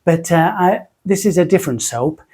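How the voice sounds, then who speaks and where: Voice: medium pitch, lively intonation, normal speed, mellow. A soap-making tutorial host from Britain, chatting in a rambling, self-mocking way while using a put-on funny voice. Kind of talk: casual rambling tutorial chat.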